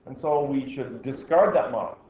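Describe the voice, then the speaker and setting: A man's voice: medium pitch, normal speed, darkish tone. A middle-aged man teaching a science class, reading a text aloud and stopping to explain it, with dry jokes for the students. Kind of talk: classroom lecture. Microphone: recorder in the room. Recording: very echoey, dull classroom recording with faint noise.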